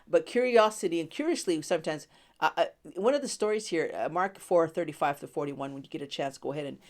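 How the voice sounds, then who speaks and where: A woman's voice: deep voice, quick pace. A woman hosting a devotional podcast, speaking in a conversational way, with many fillers and frequent laughter. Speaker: podcast host and Bible teacher.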